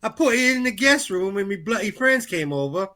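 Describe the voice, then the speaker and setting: A man's voice: sits high, sing-song, a little fast, bright, forceful tone, no room sound, studio quality, heavily acted. Een man die een grove Britse huisvrouw nadoet. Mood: mocking. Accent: put-on British. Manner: mock dubbing over a clip, says "mate" and "bloody", giggles. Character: mock British housewife, crude and giggly. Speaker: podcast co-host. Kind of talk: comedic dubbing parody.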